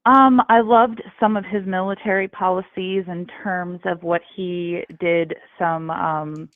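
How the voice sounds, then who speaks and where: A woman in her thirties calling in, hesitant and halting as she answers. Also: fairly low pitch, steady tone, no room sound. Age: 30s. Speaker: caller. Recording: dry phone line.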